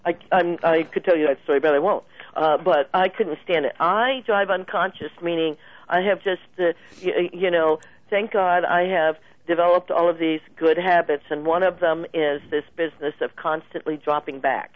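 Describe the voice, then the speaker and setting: A woman guest telling stories in a casual interview, lively and laughing often. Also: lowish voice, normal speed, no echo. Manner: animated storyteller, laughs often. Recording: tinny phone line, dry.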